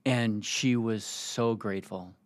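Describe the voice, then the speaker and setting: A man's voice: fairly low pitch, fairly even intonation, slow pace. A man hosting a podcast, interviewing guests and often tagging his remarks with "right?". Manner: affirming, frequent "right?" tags. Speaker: podcast host.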